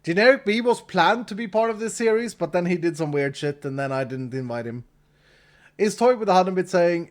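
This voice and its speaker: A man's voice: a little high, big pitch swings, normal speed. A man streaming a game live, chatting casually with his viewers, reading chat, thanking donors and laughing easily.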